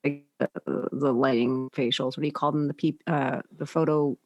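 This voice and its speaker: A woman co-hosting a podcast, telling lively, profane stories in casual chat. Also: very deep voice, normal speed, highs cut off. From Southern California. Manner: animated storytelling with profanity. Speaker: podcast co-host.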